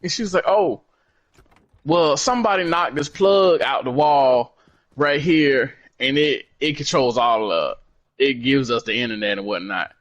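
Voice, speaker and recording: A man co-hosting a podcast, telling a story in a casual, swearing, animated way. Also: mid-range voice, a little slow. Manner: animated, swears freely, acts out quoted dialogue. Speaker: podcast co-host.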